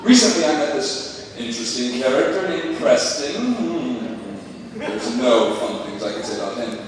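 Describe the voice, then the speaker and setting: Young man, stand-up comedian, deadpan, awkward, lively swooping voice, distant mic, roomy hall. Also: medium pitch, moderate pace, slight background noise. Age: young adult. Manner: deadpan, awkward, laughs at his own jokes. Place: open mic venue. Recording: echoey hall, far from mic.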